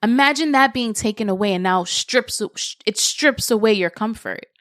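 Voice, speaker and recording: A woman's voice: on the high side, moderate pace, a bit bright, no room sound, studio quality. Reflective woman talking solo on a podcast. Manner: reflective, conversational, many "you know" fillers. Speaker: podcast host.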